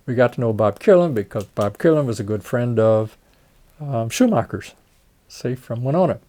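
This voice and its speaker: A man's voice: medium pitch, expressive, normal speed, mellow. An older man, a retired surgeon, telling stories in an oral history interview and acting out the voices of the people he quotes. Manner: storytelling, reenacts dialogue, chuckles. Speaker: retired facial plastic surgeon.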